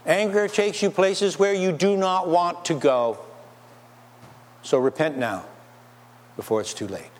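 A man's voice: sits high, a little slow, pauses often. A man preaching a sermon in a church, asking his listeners rhetorical questions. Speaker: pastor. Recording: long hall reverb.

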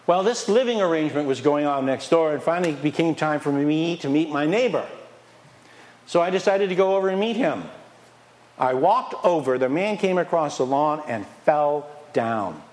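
A man preaching a sermon as pastor, lively and conversational, firing questions at the congregation and dropping from loud emphasis to near whispers. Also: fairly high pitch, moderate pace, pauses often. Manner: animated, questions the congregation, swings from loud to quiet; playfully mocks excuses in a whiny put-on voice.

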